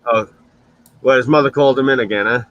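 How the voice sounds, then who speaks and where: Guy on a stream ranting, blunt and crude, mid pitch. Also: quick pace, fairly bright tone, dull audio. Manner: blunt, profane storytelling. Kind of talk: casual chat.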